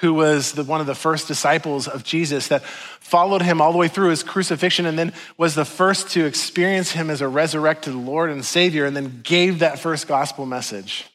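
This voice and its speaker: Male pastor, fairly high voice, laid-back and self-deprecating delivery, conversational sermon. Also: moderate pace, fairly bright tone. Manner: chatty, self-deprecating, many "like"s and asides.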